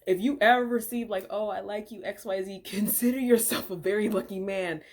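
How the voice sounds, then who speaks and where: Young woman, casual storytime vlog, chatty, exasperated, filler-heavy, mid-pitched. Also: fairly quick. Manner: chatty and exasperated, swears and laughs, full of filler words. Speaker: vlogger.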